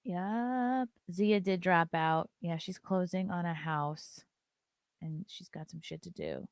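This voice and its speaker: A woman's voice: fairly low pitch, slow, clear, resonant tone, dry recording, clean studio sound. A woman hosting a live-stream show, chatting loosely, reading viewer messages aloud and swearing casually.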